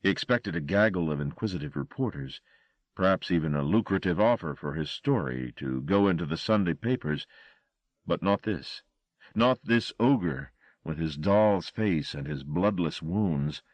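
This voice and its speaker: A man narrating a horror audiobook with an expressive, dramatic reading. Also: low-pitched, normal speed, dry recording.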